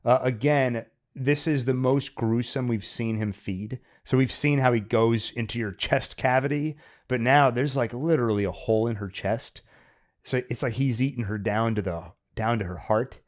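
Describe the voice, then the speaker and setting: At a moderate pace and medium pitch, a man hosting a podcast thinks aloud while casually and analytically discussing a film in a review-style chat.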